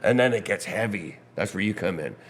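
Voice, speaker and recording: A hoarse man with a gravelly voice, a musician guest chatting casually in a pub's back bar, rambling and breaking off his own sentences. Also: lowish voice, animated, a little fast. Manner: rambling, self-interrupting storyteller. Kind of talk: casual chat.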